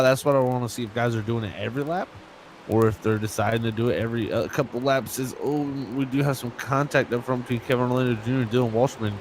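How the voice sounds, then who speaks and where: A man's voice: medium pitch, slight background noise. A young man commentating a sim race live, chatty and joking, with lots of fillers. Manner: casual, joking, filler-heavy.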